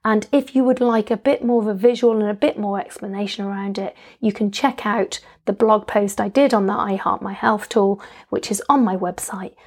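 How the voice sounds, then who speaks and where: A woman's voice: medium pitch, fairly even intonation, normal speed, hardly any pauses. A woman hosting a solo health coaching podcast, talking listeners through steps in an upbeat, chatty way with frequent ums.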